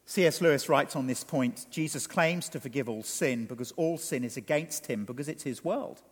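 A man preaching a sermon with dramatic swings in pitch and loudness, from a stage. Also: moderate pace, breathy edge. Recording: long hall reverb.

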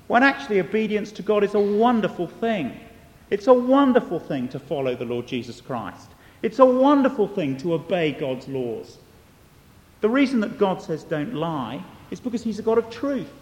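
A man preaching an earnest, emphatic sermon, turning to question his listeners directly. His voice sits high and swings widely in pitch. It rings out with a long reverb in a large church.

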